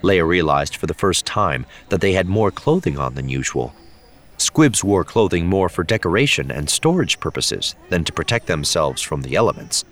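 A man narrating an audiobook in a measured, expressive way. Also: deep voice. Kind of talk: scripted narration.

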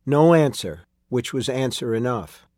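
A man narrating a story in a steady storytelling read. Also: medium pitch, a little slow, no echo, studio quality. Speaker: audiobook narrator. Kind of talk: scripted narration.

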